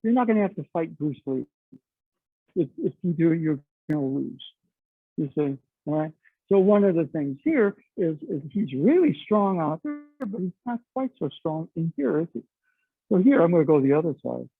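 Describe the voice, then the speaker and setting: A man's voice: fairly high pitch, sing-song, moderate pace, creaky, breathy edge, no echo. A middle-aged man teaching a martial arts class, explaining chattily with lots of "okay" and "you know.". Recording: dry, tinny phone-like sound.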